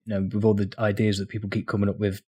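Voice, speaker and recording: A man's voice: on the low side, completely flat delivery, rapid-fire, mellow, breathy edge. A man co-hosting a casual gaming podcast, rambling and sweary with frequent laughs. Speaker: podcast co-host.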